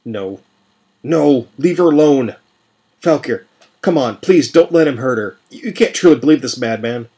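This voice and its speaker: A man voicing a desperate male prisoner who shouts and pleads in a raised voice. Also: sits low, moderate pace, few pauses, breathy edge.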